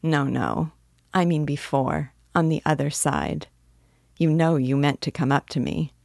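A woman reading the part of a kind young woman who teases gently and speaks in a reassuring way. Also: sits low, expressive, a little slow, vocal fry, dry recording, clean studio sound, exaggerated voice. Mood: curious.

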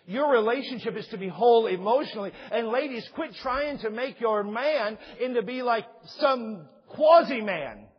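A man with a high, husky voice preaches a sermon to his congregation, jumping from soft asides to shouted emphasis. He quotes scripture and acts out little stories. The recording is muffled and lo-fi. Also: normal speed, hardly any pauses, long reverb tail. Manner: animated preaching, rising to shouts, quoting scripture and acting out stories. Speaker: pastor.

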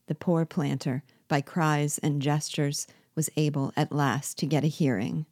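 A woman, the regular reader of the series, narrating a classic novel aloud with steady expression. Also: deep voice, moderate pace, few pauses, dry recording, clean studio sound. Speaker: reader and teacher.

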